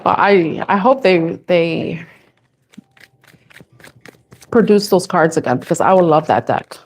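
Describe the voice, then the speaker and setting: A woman's voice: on the low side, animated, measured pace. A woman tarot reader chatting casually to viewers, laughing often and thinking aloud as she talks through her cards. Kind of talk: casual live tarot reading chat.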